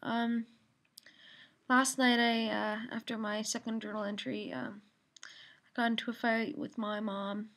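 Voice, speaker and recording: A woman's voice: fairly high pitch, flat delivery, measured pace, pauses often, a bit bright. A teenage girl rambling through a casual video journal from her mother's office, venting with lots of ums and likes. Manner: rambling and venting, full of fillers. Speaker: video diarist.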